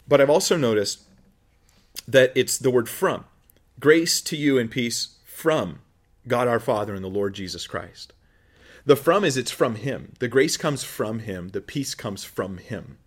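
A man preaching as a pastor, talking through a scripture passage in a relaxed, conversational way and acting out quoted voices. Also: on the low side, husky. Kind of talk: sermon.

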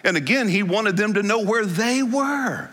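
Lively high-voiced preacher in a reverberant hall. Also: male voice, normal speed. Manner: emphatic, preacherly, stresses single words. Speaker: pastor. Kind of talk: sermon.

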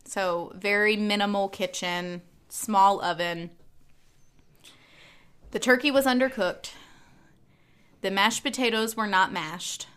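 Chatty woman cohost, bright tense voice, tells stories all animated. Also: medium pitch, takes it slowly, pauses often, clean tone. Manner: animated storyteller. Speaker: podcast co-host. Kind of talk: casual chat.

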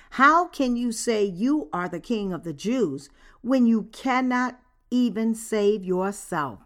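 A woman reading a sermon aloud in a measured, deliberate way. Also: high voice, a bit bright. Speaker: sermon reader.

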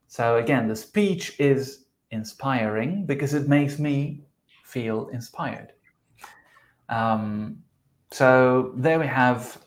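Man, South American Spanish accent, native Spanish speaker, mid-pitched, patient podcast teacher. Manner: patient explaining, chuckles at slips. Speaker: English teacher, podcast co-host. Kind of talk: conversational podcast lesson.

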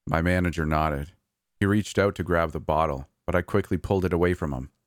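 Super deep guy reading a horror story, calm and measured, dry mic. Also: no room sound. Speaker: narrator. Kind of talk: first-person horror story narration.

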